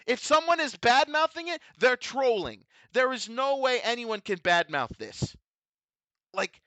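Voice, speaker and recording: In an extremely high, sing-song, bright and forceful voice, a little slow and recorded dry, a man gives excited fan commentary as a vtuber host on a tokusatsu episode. He's overwhelmed and emotional, repeating himself emphatically and cursing freely as he raves.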